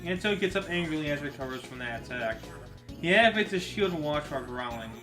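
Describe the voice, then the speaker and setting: A man's voice: on the high side, lively intonation, fast, rough recording. A man narrating a fan audio drama in a plain storytelling way, with small reading slips. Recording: music bed under voice. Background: music.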